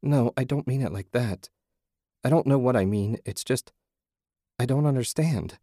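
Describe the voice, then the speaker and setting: A man's voice: mid-range voice, moderate pace, warm tone, dry recording, clean studio sound, lightly acted. A man voicing a frightened, grieving young mother. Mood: bewildered, fearful. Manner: anxious, breaking into desperate cries.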